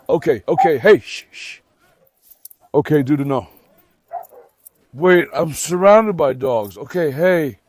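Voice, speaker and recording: A man hosting a dog vlog, who excitedly pleads with and scolds his dogs, then calmly comments on their behavior. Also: a little high, unhurried, pauses often. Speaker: dog owner and channel host. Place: outdoor garden with dogs.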